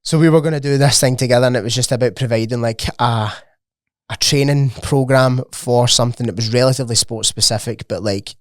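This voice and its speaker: A man's voice: medium pitch, fairly quick, no room sound. Scottish guy, young adult, rambling podcast guest, sweary and full of fillers, dry close mic. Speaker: podcast guest, gym owner. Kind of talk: casual chat.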